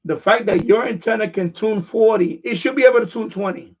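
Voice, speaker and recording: A husky, darkish male voice that sits high and moves a little fast. He hosts a ham radio livestream, handling his gear while walking viewers through a casual demo, rambling and restarting sentences. The stream audio is dull and lo-fi.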